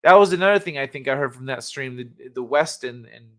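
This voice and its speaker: A man's voice: mid-range voice, expressive, fast talker, fairly bright tone. A man hosting a casual livestream chat from the United States, rambling and laughing as he reads chat aloud. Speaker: livestream host.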